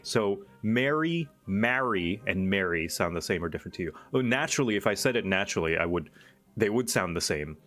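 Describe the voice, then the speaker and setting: A man's voice: low-pitched, a little fast, a bit bright, faint music behind. A man streaming and chatting casually, explaining things in a rambling way with fillers. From Thailand. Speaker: streamer host. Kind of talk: casual chat.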